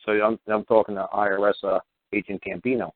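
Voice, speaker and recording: A man's voice: fairly low pitch, little pitch movement, fast, no echo. A man talking as a guest on call-in radio, rambling and profane, who keeps acting out the people in his stories. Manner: profane, rambling, acts out quoted dialogue. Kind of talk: call-in talk radio monologue. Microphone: telephone. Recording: tinny dry phone line.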